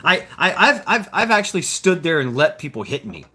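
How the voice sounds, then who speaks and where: A man's voice: on the high side, sing-song, a little fast, sharp tone, slight background noise. A man of fifty rambling through a casual livestream chat, cursing freely and stumbling over repeated words. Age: 50s. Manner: rambling, profane, repeats words and restarts often. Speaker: livestream host reading chat.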